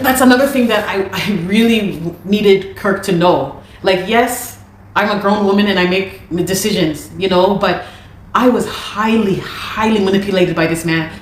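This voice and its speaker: A woman's voice: mid-range voice, roomy sound, slight background noise, rough recording. A woman telling her own story to camera in an emphatic, indignant way, repeating her key points.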